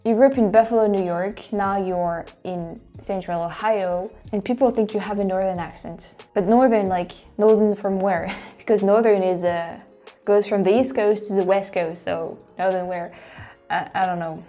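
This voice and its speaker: A woman's voice: mid-range voice, fairly even intonation, normal speed, warm tone, soft background music. A woman with a French accent, a native French speaker, hosting a vlog and thinking aloud with many restarts and fillers. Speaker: host. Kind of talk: casual vlog commentary.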